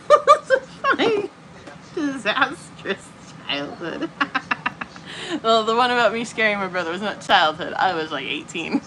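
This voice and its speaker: A woman's voice: medium pitch, background noise. A young woman hosting a casual stream, telling stories and laughing often. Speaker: streamer host. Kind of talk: casual chat. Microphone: earbuds.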